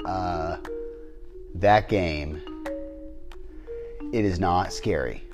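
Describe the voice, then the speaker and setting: A man with a low-pitched voice talks through a podcast in loose, casual chat. He rambles, restarts sentences and leans on fillers. Faint music sits under the talk. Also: extremely slow. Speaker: podcast co-host.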